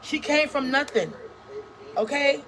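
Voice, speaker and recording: A woman's voice: sits high, expressive, measured pace, crowd noise. A woman in her thirties, a small-time YouTuber, ranting to her viewers in a blunt, profane vlog full of restarts. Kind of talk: casual vlog rant to camera.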